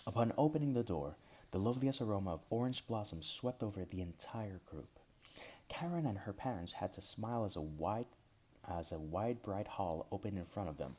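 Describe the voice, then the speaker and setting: A man reading his own whimsical story aloud, gentle and unhurried with small restarts. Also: low voice, expressive. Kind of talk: storybook narration.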